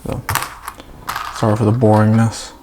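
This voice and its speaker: A man's voice: lowish voice, monotone, moderate pace, noisy background. A man casually talking through a toy build, chatty with self-mocking asides.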